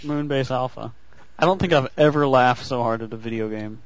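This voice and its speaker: A man's voice: medium pitch, a little fast, no room sound. A young man co-hosting a casual podcast, dropping dry, wisecracking remarks. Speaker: podcast co-host. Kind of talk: casual chat. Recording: dull lo-fi podcast recording.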